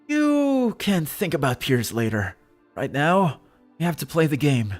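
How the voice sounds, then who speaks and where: A man's voice: fairly high pitch, big pitch swings, unhurried, faint music behind. A man voicing a casual, encouraging young male friend at a tabletop game table. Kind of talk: reading a game's dialogue aloud.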